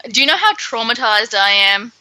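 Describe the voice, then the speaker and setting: A woman co-hosting a podcast, recapping playfully with quick jokey asides in casual chat. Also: a little high, sing-song, sharp tone, low-quality recording. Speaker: podcast co-host.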